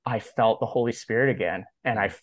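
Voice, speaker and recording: In a fairly low voice at a fairly quick pace, this man, a pro skateboarder appearing as a podcast guest, rambles through a personal story. He says "like" a lot and performs the quoted dialogue, and the recording has no room sound.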